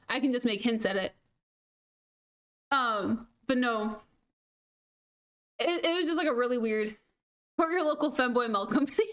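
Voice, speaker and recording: A young woman chats over her gameplay in a high, bright-sounding register. She rambles loosely from thought to thought and giggles often. Her talk is peppered with "like". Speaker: gaming streamer. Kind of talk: casual chat over gameplay.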